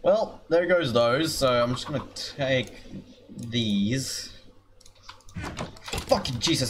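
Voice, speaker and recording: A man's voice: mid-range voice, expressive, slow pace, long pauses, slight background noise. A man commentating his own gameplay, swearing nonstop and erupting into frustrated outbursts.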